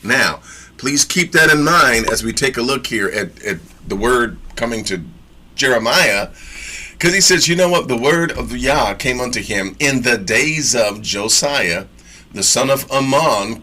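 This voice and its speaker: A man's voice: medium pitch, bright, forceful tone. A man teaching from scripture in a casual sermon, reading verses aloud and breaking in with slangy, emphatic asides and repeated phrases.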